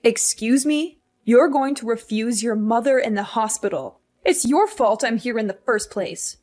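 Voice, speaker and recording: A woman's voice: a little high, a little slow, a little mellow. A woman voicing a demanding, guilt-tripping older mother in a hospital bed, in a scripted story drama, with a scolding, condescending manner. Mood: blaming. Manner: scolding, condescending, self-pitying.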